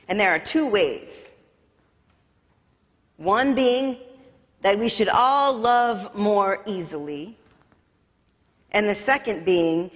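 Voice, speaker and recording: A woman pastor with an American accent giving a conversational, self-deprecating sermon to her congregation in a church. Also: mid-range voice. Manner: conversational, self-deprecating, sings snatches of lyrics. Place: church sanctuary. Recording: dull livestream sound with long church reverb.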